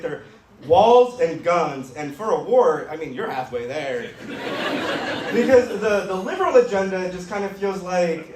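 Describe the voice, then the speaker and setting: Deadpan edgy stand-up guy, kinda high voice, roomy club sound picked up from far off. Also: background noise. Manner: deadpan, edgy, self-mocking delivery. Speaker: stand-up comedian. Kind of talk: stand-up comedy set. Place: comedy club stage with live audience.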